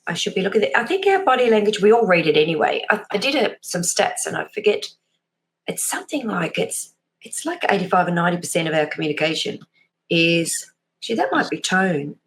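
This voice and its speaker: A chatty woman with a lowish, sing-song voice talks a little fast in a casual interview. She's a guest behavioural profiler who pokes fun at herself and acts out little examples.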